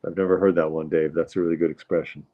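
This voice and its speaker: A man hosts a livestream in a loose, rambling way and keeps greeting his viewers as he talks. His voice sits on the low side, and the audio is dull and lo-fi. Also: flat delivery, quick pace. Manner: rambling, easygoing, greets chat often. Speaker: livestream host. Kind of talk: casual chat with viewers.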